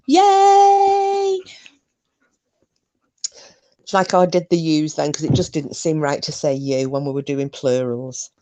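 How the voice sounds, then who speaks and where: A woman's voice: deep voice, level tone, normal speed, dark tone. A middle-aged woman hosting a live stream, chatting casually to her viewers and laughing often between remarks. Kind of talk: casual chat to a live chat audience.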